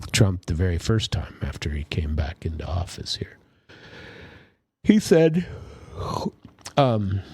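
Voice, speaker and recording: A man's voice: on the low side, creaky, darkish tone, breathy edge, no echo. A man hosting a political commentary show, talking casually and rambling with many fillers and restarts. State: sleepy, yawning.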